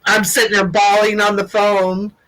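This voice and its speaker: A woman hosts a casual live chat, speaking warmly and at length, with frequent ums and restarts. Her voice is bright and clear. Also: mid-range voice, level tone, moderate pace, rough recording. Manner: emotional, rambling, many fillers. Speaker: show host.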